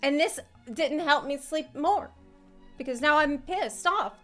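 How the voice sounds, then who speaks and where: A high-voiced woman chats slowly on her stream, sounding tired after a sleepless night. She rambles and laughs a lot. Faint music plays behind her. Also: expressive, sharp tone. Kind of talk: casual chat stream.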